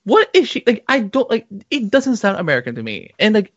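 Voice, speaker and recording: Man, podcast co-host, excitable casual chat, higher voice, muffled recording. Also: a little fast, dry recording. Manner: animated, many restarts, excitable. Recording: dull muffled lo-fi sound.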